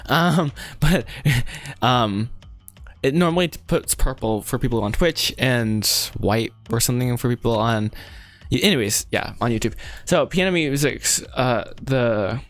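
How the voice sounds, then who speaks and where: A man's voice: medium pitch, unhurried, dry recording. A man chatting casually on a livestream while writing a script, rambling, correcting himself and laughing often. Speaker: animation filmmaker livestreaming his script writing.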